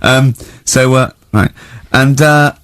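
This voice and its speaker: A man with an English accent hosting a comedy radio show, telling stories excitably and laughing often. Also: mid-range voice, slow pace, dry recording.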